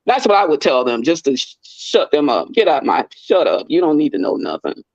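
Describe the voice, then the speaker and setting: A woman's voice: fairly quick, dry recording. Middle-aged woman chatting and telling stories, voice jumps all over, kinda dull dry recording. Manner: animated, acts out quoted people with big pitch leaps. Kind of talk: casual chat, storytelling.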